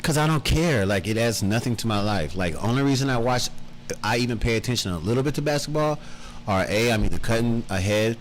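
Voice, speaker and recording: A man co-hosting a podcast, casual and curious, keeps asking his partner questions in relaxed chat. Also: medium pitch, brisk, a little hiss or hum. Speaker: podcast co-host, barber.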